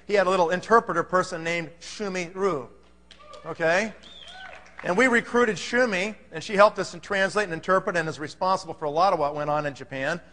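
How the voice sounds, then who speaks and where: Brief: high-pitched male conference speaker, animated and pushy, hall reverb around him. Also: a little fast. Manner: animated, keeps checking in with the audience. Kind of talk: motivational sales talk. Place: large hall.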